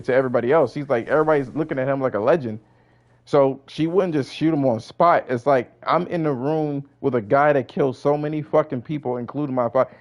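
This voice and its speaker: A man's voice: medium pitch, a little mellow. A man arguing heatedly in a casual debate, insistent and frustrated, swearing often.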